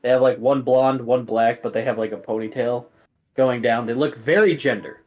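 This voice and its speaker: A man's voice: medium pitch, moderate pace, highs cut off. A man narrating as game master, rambling with many fillers.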